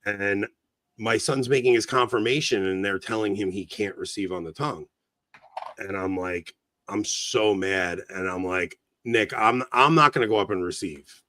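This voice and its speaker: A middle-aged man on a casual podcast, telling an animated story that grows heated. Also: on the low side, moderate pace, no room sound. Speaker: podcast co-host.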